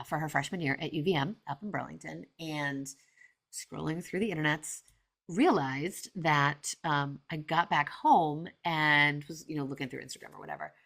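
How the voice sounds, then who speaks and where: A woman in her forties tells a story on her podcast, chatty and animated, with plenty of fillers. Her voice sits low with a gravelly fry, and her tone is bright and crisp. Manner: chatty, animated, many fillers and acted-out quotes. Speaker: podcast host. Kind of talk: casual storytelling monologue.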